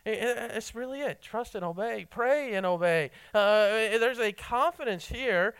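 A fairly high-voiced man preaching with earnest, stumbling intensity, restarting words again and again. His tone is smooth and clear, caught dry and close with no room sound. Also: no room sound, poor audio. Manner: earnest, halting with many repeated words and fillers; rises in pitch and force when stressing a point, drops low and quiet when reflecting. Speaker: pastor. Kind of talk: sermon.

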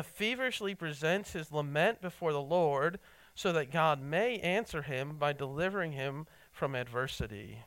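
A man preaching a sermon, earnest and halting, with many repeated words and fillers; he rises in pitch to press a point and drops low and quiet when reflecting. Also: clear, resonant tone, no echo, rough recording. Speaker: pastor.

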